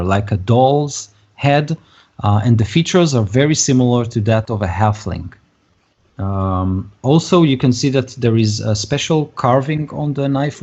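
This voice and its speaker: A man narrating as game master of a tabletop game, halting with many fillers. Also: mid-range voice, dark tone, lo-fi sound.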